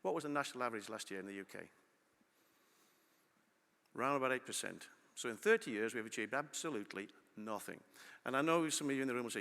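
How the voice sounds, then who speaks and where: A middle-aged man gives a conference talk in a large hall, and the long reverb follows his words. He speaks quickly with a bright, forceful tone and keeps putting questions to the audience. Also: mid-range voice. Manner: lively, asks the audience questions.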